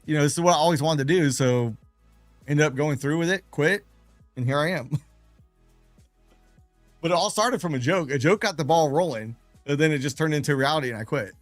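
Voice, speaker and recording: A man's voice: fairly high pitch, fairly quick, pauses often, no echo, soft background music. A man telling stories casually on a live trading stream, chatty, laughing between anecdotes and repeating phrases for emphasis. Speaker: day trader and live streamer.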